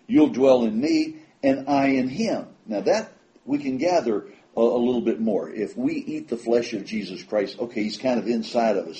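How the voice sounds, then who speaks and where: A man preaching a sermon to his congregation in a conversational way, slowing down and leaning hard on the scripture he quotes. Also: on the low side, mellow. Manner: slows down and leans on quoted scripture for emphasis; conversational, with fillers and repeated words. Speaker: pastor.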